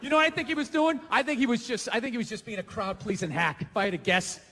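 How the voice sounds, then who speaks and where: A man doing a stand-up routine on stage, ranting and profane, often shouting. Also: extremely high pitch, quick pace. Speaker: stand-up comedian. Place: comedy stage, large room. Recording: long hall reverb, faint noise.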